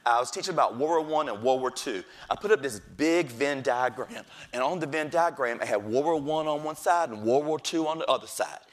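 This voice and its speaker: A middle-aged male teacher tells classroom stories in a lively, storytelling way. His pitch swings widely as he slips into quick impressions of students and his principal. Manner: lively, acts out voices of kids and principal. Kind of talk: storytelling talk.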